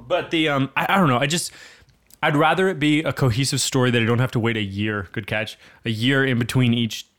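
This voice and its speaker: Man, podcast host, casual chat, laughs a lot, rambling, mid-pitched voice. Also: normal speed. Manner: laughs often, rambling and animated.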